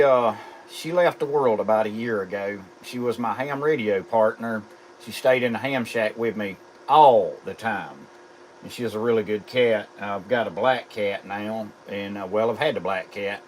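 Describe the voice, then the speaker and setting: A middle-aged man with a Southern drawl chats easily over his ham radio. He talks in a relaxed, chatty way, and a faint hiss of noise sits under his voice. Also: fairly low pitch, unhurried. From South Carolina. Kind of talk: casual radio chat.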